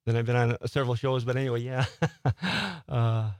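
An older man, a soft-spoken guest in a radio studio, talking quietly and laughing often. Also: mid-range voice, flat delivery, normal speed, smooth, no echo. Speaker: studio guest, ghost tour guide. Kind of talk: casual interview.

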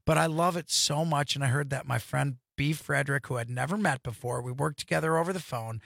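A man's voice: mid-range voice, fairly quick, vocal fry, fairly bright tone, dry recording. A male radio host in a studio, chatting enthusiastically and rambling through stories. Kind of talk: casual radio chat.

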